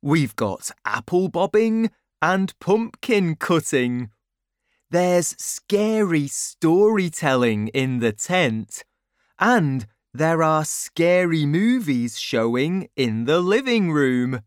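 A friendly young boy, eager and cheerful, welcoming his friends to a party in a storybook, voiced by a woman. His voice sits high and lifts with energy. The sound is close and dry. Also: very animated, slow, dry recording, heavily acted.

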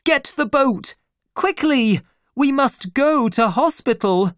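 A man performs a full character voice as a frantic grown-up half-sister, sounding alarmed. His delivery is very high-pitched, pitched above his own natural voice, a bit bright, with lively intonation and a slow pace. The recording is clean studio sound with no echo.

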